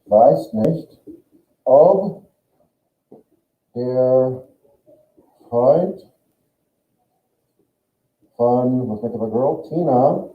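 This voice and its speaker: A man teaches a grammar lesson in a classroom, walking through each point and musing aloud as he goes. His voice sits at an everyday middle pitch. It carries the echo of the room and the thin, phone-like sound of a cheap recording. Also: expressive, very slow, pauses often. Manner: explains step by step, thinks aloud. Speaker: German teacher. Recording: echoey room on a tinny lo-fi recording.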